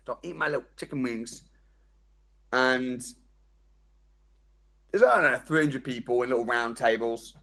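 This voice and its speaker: A man, giving a motivational seminar talk as a training speaker, telling stories with sudden loud jumps and quiet drops. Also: medium pitch, measured pace, long pauses.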